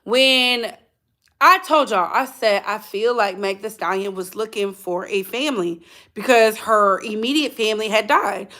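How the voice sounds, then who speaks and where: Bright-voiced blunt woman gossip host. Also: medium pitch, measured pace. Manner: chatty and blunt, talks to chat directly. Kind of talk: casual livestream commentary.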